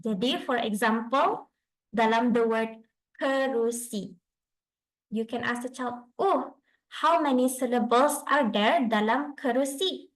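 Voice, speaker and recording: A young woman speech therapist giving an online presentation to parents over a video call, explaining steps slowly and mixing in Malay phrases. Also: a little high, rough recording.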